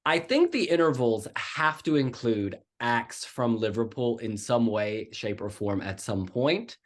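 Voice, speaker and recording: Animated, emphatic show host. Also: mid-range voice, unhurried. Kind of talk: casual discussion.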